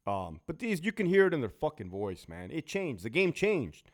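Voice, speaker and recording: A blunt, profane man with a Californian accent tells stories from his years as a prison officer. His pitch swings widely as he mimics the people in his tales, and his voice sits a little above the usual for a man. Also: very animated, moderate pace. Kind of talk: profane storytelling monologue.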